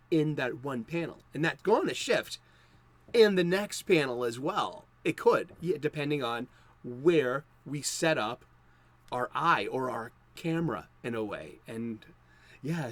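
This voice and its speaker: A man hosting a comics video, talking unscripted in a loose, rambling way. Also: mid-range voice. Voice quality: rambling, many fillers and restarts. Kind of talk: unscripted casual talk.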